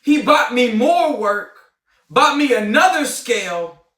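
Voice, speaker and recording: A man in a heated, confrontational livestream rant, often shouting. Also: extremely high pitch, sing-song, takes it slowly, far from the mic. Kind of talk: ranting livestream monologue. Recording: roomy, off-mic sound.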